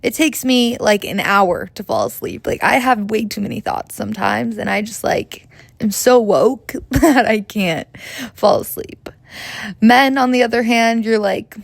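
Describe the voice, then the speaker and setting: Chatty young woman with a gravelly edge. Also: mid-range voice, measured pace, no room sound. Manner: chatty, rambling, profane, self-mocking. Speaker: podcast host. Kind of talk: comedic casual monologue.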